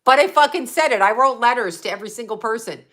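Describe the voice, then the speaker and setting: A woman's voice: a little high, expressive, quick pace, a bit bright. A woman hosting a casual livestream and answering her chat, talking in a blunt, profane, outspoken way.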